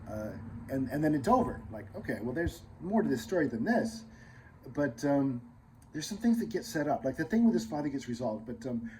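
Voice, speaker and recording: On his own channel, a medium-pitched man rambles casually, using plenty of fillers, restarting often and sometimes dropping into mutters. The recording is low quality with slight background noise.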